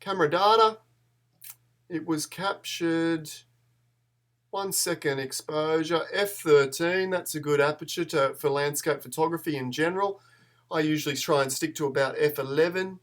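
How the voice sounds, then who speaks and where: A man's voice: fairly high pitch, normal speed, a bit bright. A man, chatting in a rambling, self-deprecating way as he hosts a live photo-editing tutorial stream.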